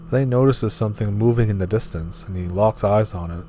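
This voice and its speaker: Low-voiced man casually retelling scary stories. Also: fast talker, warm tone, a little hiss or hum. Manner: casual, offhand retelling with asides. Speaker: storyteller reading forum stories. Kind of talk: reading scary stories aloud.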